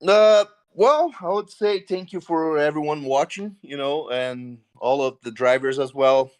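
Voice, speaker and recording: A man's voice: fairly high pitch, measured pace, clear, resonant tone. A man, a sim racing driver, giving his first post-race interview. He speaks hesitantly, with many fillers, and laughs often.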